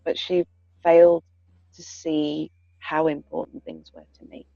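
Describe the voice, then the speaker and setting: A woman talks frankly and earnestly in casual chat, dropping swear words without a second thought. Her voice has a gravelly edge. The recording is dry and a little dull. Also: deep voice, level tone, unhurried, mellow, no room sound. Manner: candid, earnest, swears freely. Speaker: podcast co-host, parent.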